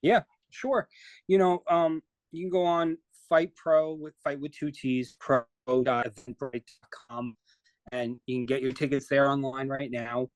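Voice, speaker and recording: A man who runs a wrestling company, chatting as a podcast guest. He speaks in a laid-back, self-deprecating way, filling pauses with "you know." The sound is dry with no room echo. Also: medium pitch, steady tone. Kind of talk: casual chat.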